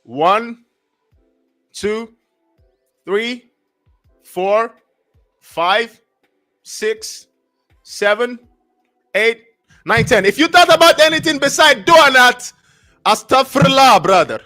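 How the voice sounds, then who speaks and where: A man hosting a casual live stream, talking in an excitable, repetitive, slangy hype style. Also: extremely high pitch, slow pace, long pauses, soft background music. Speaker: livestream host.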